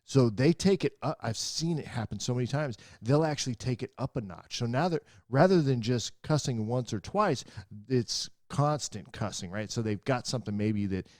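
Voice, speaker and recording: A man co-hosting a casual chat show, explaining his points at length in a relaxed, conversational way. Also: mid-range voice, moderate pace, dry recording, studio quality. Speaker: co-host.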